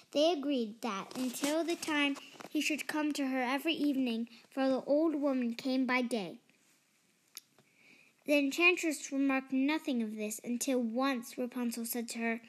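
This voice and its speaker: A woman's voice: high voice, moderate pace. A young woman reading a fairy tale aloud, carefully and with small slips. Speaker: storyteller.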